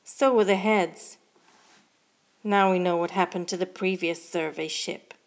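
A woman voicing a grave female starship captain who speaks quietly. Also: fairly low pitch, steady tone, a little slow.

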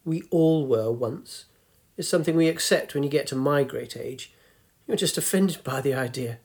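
A man's voice: a little high, moderate pace, darkish tone, lightly acted. A man voicing a grumpy, wry old woman of ninety-two in a storybook reading, tart and teasing. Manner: tart, teasing, lecturing the young.

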